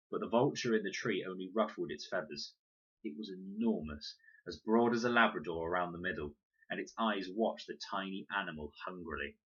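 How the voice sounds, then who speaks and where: Deep husky man reading a storybook. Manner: expressive, animated reading. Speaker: storybook reader. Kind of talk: reading a children's novel aloud. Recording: dull lo-fi recording.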